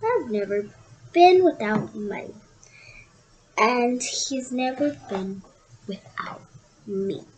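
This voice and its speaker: A woman's voice: a little high, sing-song, slow, pauses often, a little mellow, slight background noise, low-quality recording. A woman voicing a small, sad young female hedgehog in a storybook, with a little whimpering voice. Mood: upset.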